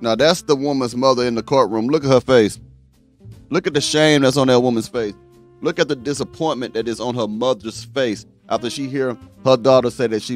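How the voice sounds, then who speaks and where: A man hosting a reaction commentary show, talking bluntly and scolding his viewers. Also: medium pitch. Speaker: host.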